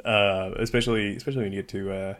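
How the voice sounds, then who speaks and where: A man's voice: on the low side, steady tone, fast talker, fairly bright tone. A man co-hosting a podcast in casual chat, rambling with restarts and easy laughter. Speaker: podcast co-host.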